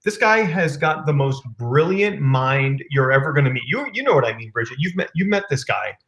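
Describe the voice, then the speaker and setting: A man hosting a live business chat over a video call, enthusiastic, repeating words in quick bursts. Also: a little high, lively intonation, fairly bright tone, dull audio. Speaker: host of a live business stream. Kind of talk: casual chat.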